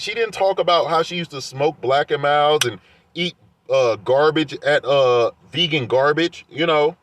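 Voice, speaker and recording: Male vlogger, fairly high-pitched, heated defensive rant. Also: moderate pace, fairly bright tone. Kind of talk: casual rant to camera.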